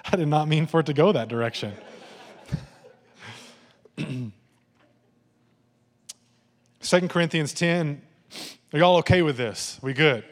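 A man preaching a lively, conversational sermon, slipping into playful voices and asides. His voice sits a touch high and rings out with a long reverb tail, as in a large hall. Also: slow pace, long pauses. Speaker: pastor.

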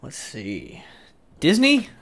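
A man's voice: fairly high pitch, huge pitch swings, drawn-out words. Young guy, crude jokes, voice jumps around a lot, faint hiss behind. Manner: crude joking, laughs often. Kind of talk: casual chat.

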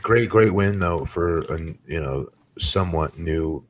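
A man's voice: sits low, animated, unhurried. A man co-hosting a casual podcast, blunt and opinionated. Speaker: podcast co-host. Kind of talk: casual chat.

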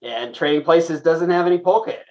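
A man chatting casually as a quiz contestant, relaxed with dry humor. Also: a little high, a little fast, highs cut off. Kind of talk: casual podcast chat.

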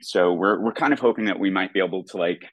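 A man's voice: deep voice, fast, dry recording. A man, an actor and producer, chatting animatedly as a guest, with lots of restarts. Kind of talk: casual interview chat.

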